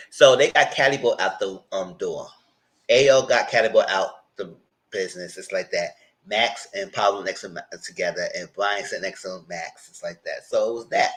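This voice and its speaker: A man's voice: lowish voice, fairly bright tone. A man hosting a reality TV recap, retelling scenes in a loose, rambling way with quoted asides. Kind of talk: casual recap commentary.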